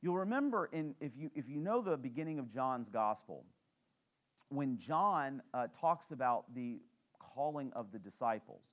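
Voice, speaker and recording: A man's voice: medium pitch, big pitch swings, moderate pace, highs cut off. A man, a pastor teaching a sermon in church in a conversational way, with fillers and questions to the congregation.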